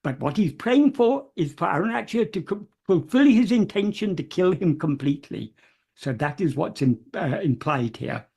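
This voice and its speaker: A speaker giving a careful, word-by-word explanation, pausing often with fillers and gently repeating key terms. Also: medium pitch, animated, gravelly, breathy edge. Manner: hesitant, many pauses and fillers, gentle repetition of terms. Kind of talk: slow, careful explanatory talk.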